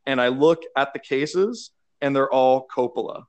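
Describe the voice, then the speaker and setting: A man from Canada telling stories in casual chat, animated and laughing as he acts out quotes. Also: mid-range voice, a little slow. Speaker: beverage marketer.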